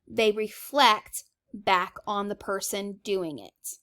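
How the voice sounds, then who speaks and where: Woman teacher, mid-pitched, chatty and emphatic, recorded grammar lesson. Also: takes it slowly, a bit bright. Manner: chatty, emphatic, checks in with "okay?".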